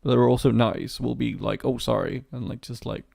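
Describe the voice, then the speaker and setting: A man's voice: medium pitch, steady tone, a little fast, creaky, warm tone, no room sound, studio quality. A man streaming a farming game, chatting casually with sweary, ranting asides. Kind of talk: casual gameplay commentary.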